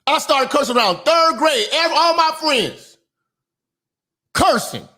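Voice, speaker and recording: An online commentator and minister with a very high, bright, forceful voice gives a profane monologue at a slow, animated pace. He preaches emphatically, often rising into shouts to press his points.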